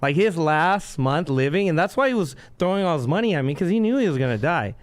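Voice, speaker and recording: A man with a fairly high, smooth and clear voice, chatting as a podcast guest. He tells stories in a loose, lively way and laughs through his lines. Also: fast talker. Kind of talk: casual chat.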